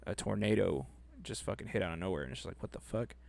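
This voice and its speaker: Low gravelly laid-back man. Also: quick pace. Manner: relaxed, laid-back, swears casually. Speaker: podcast co-host. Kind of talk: casual chat.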